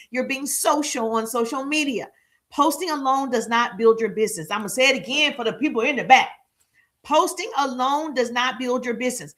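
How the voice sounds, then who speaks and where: A woman coaching her live-stream viewers on social media marketing, energetic and hype-style, calling out to the audience and repeating lines for emphasis. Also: a little high.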